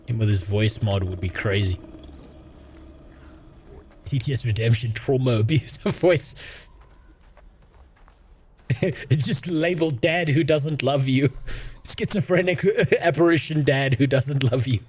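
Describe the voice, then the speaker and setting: A man's voice: mid-range voice, a little slow, pauses often, a little mellow, slightly rough. A young man streaming a game, talking in crude, sarcastic, laughing rants. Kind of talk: casual gaming stream chat.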